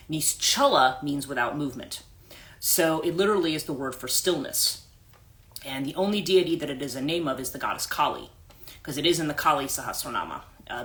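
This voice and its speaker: A woman's voice: low voice, a bit bright. A woman life coach hosting a livestream, telling a story casually with many restarts and asides, into a phone mic.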